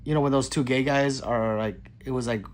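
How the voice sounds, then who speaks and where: Man, livestream host, reads chat aloud, joking, loud greetings then low mutters, mid pitch. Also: fairly even intonation, brisk. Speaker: gun channel host reading live chat.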